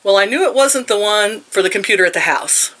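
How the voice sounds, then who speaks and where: A woman's voice: mid-range voice, animated, fairly quick, fairly bright tone. A woman in her sixties telling a story in a casual rant, sarcastic and laughing often. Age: 60s. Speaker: vlogger.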